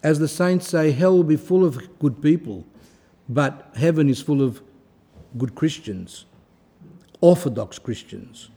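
A man preaching a fervent sermon, telling stories and repeating phrases for emphasis, swinging from loud to quiet. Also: fairly high pitch, unhurried.

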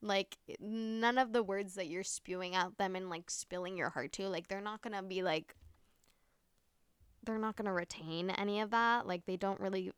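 Young woman, podcast host, chatty and rambling, clear voice, dry close sound. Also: mid-range voice, fairly even intonation, moderate pace, dry recording. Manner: rambling, filler-heavy, swears casually. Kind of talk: casual solo podcast chat. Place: room at home with window open.

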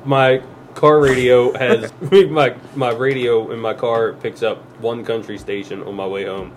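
A man's voice: mid-range voice, steady tone, a little slow, a little hiss or hum. A man co-hosting a podcast, telling crude stories in loose, profane casual chat. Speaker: podcast co-host.

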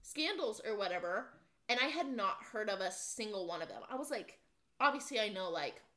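A young woman in her twenties co-hosts a casual podcast chat, her voice bright and forceful. She rambles through stories with plenty of "like" fillers and acts out the quotes herself. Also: medium pitch, very animated, normal speed. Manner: chatty storyteller, many "like" fillers, acts out quotes. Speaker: podcast co-host.

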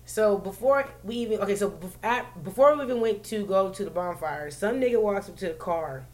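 A woman telling a story in a loose, profane chat. She is animated and swings into loud, laughing bursts, and her pitch sits in an ordinary middle range. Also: a little fast. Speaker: podcast co-host telling a story.

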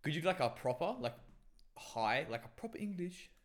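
Casting: young man, animated pitch, playful and profane, casual chat. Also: a little fast. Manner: playful, swears a lot, drops into put-on voices. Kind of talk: casual chat, trying out impressions.

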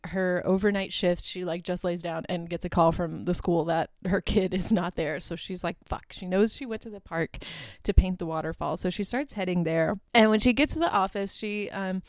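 A woman's voice: medium pitch, dry recording. A woman hosting a podcast, recapping a movie in a casual, chatty way with frequent laughs and filler words. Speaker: podcast host.

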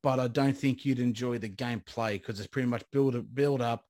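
A young man chats about video games in a loose, rambling way, keen and cheerful, with the odd swear word thrown in. His voice sits at an everyday middle pitch. The sound is close and dry, with no room around it. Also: steady tone, moderate pace, a little mellow, dry recording. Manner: rambling, enthusiastic, swears casually. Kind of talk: casual gaming chat.

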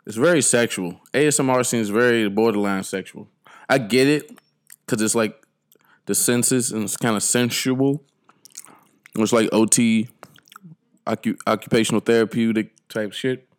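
A man with a somewhat low voice hosts a casual podcast. He rambles from one thought to the next, jokes constantly and breaks into laughter. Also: normal speed. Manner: joking, laughing often, rambling. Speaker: podcast host.

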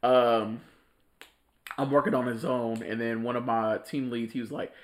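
A man's voice: medium pitch, flat delivery, normal speed, a little hiss or hum. A young man in casual podcast chat, telling a work story with lots of laughter, cursing and slang.

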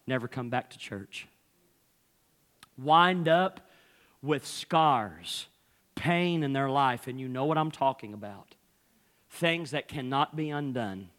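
A male pastor preaching a folksy sermon in church, building from quiet talk to shouting. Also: fairly high pitch.

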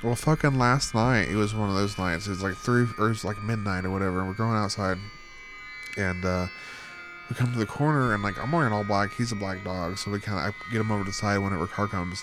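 A young man co-hosting a casual podcast, his voice sitting a little low. He rambles through stories, swears freely and laughs often. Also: fairly even intonation, fast, over music. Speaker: podcast co-host. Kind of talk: casual chat.

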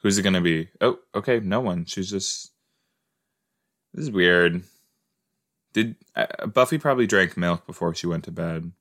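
A man's voice: low-pitched, normal speed, long pauses, a bit bright. A man hosting a casual watch-along podcast, thinking aloud in a playful, rambling way with many fillers. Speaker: podcast host reacting to a TV episode.

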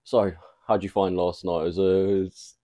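A young man chats casually as a podcast co-host, laughing often and joking nervously. His voice sits low and mellow, and the sound is dry and close. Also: level tone, moderate pace, no room sound. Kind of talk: casual chat.

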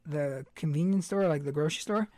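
Young man, podcast host, laid-back rambling chat, fairly high voice, dry close sound. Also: brisk, mellow, no echo. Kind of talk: casual chat.

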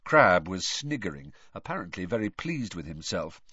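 A man narrating a storybook in a measured, expressive way. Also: low-pitched, husky, no room sound, highs cut off. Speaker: audiobook narrator.

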